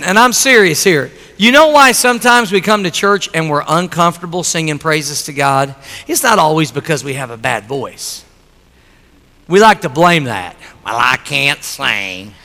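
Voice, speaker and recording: A man preaching a sermon in a high, bright voice. He moves between easy storytelling and loud, emphatic appeals. The sound carries a long reverb, as in a church hall.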